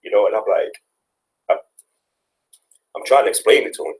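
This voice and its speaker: A man's voice: moderate pace, rough recording. A young man, a father, telling personal stories in an earnest, casual interview with many restarts. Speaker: guest, father.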